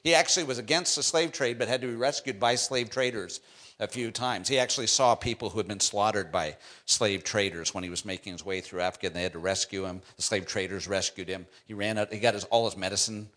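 A middle-aged male pastor preaching a sermon, moving from quiet, intense passages to loud, climbing emphasis. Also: lowish voice, steady tone, fast.

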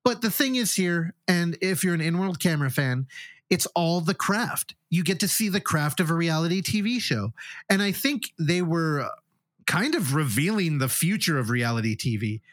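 In casual podcast chat, this male co-host tells long, animated, meandering stories packed with acted-out, quoted reactions. He speaks at normal speed in a slightly high voice, and the clean studio recording has no room sound.

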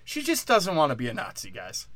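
A man's voice: on the high side, huge pitch swings, fairly quick, a bit bright, no room sound. A tipsy man hosting a podcast, delivering a crude, rambling comedic monologue and often breaking off mid-thought. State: tipsy from tequila.

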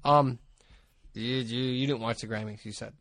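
A man co-hosting a podcast in casual chat, quick with jokes and teasing banter. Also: medium pitch, steady tone, a bit bright, no echo. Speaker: podcast co-host.

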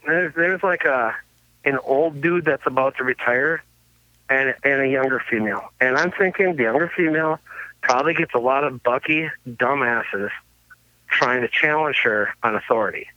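A man, a guest musician, telling tour anecdotes in a casual, animated way, laughing often and swearing freely. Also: medium pitch, moderate pace, no room sound. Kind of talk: casual storytelling. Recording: dull lo-fi sound, dry.

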